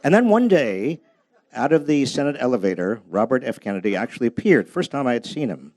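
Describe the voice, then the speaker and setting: Lively older man telling stories. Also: mid-range voice, fairly quick, no room sound. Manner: storytelling, self-deprecating, acts out dialogue. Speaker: author giving a book talk. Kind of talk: humorous anecdotal lecture. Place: public library event space.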